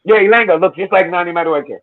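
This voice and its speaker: High-voiced man, tinny lo-fi stream. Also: quick pace, no echo. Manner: animated storytelling, heavy swearing, acts out quotes. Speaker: streamer hosting a football watchalong. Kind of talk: casual watchalong chat.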